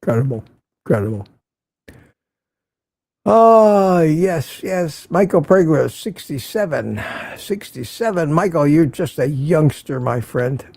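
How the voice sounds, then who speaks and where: Older man, livestream host, slow unhurried talk, dry close sound, sarcastic rambling. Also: fairly high pitch, very animated, gravelly, a little mellow, no echo. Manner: sarcastic, rambling, greets viewers by name. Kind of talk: casual morning livestream chat.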